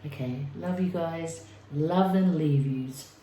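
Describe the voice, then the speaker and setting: A chatty woman vlogger, talking to her viewers between bites of food. Her voice sits low and mellow, and it bounces around a reverberant room at home. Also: slow, slight background noise. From Samoa. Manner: chatty, playful, talking while eating. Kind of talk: casual mukbang chat. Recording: echoey room.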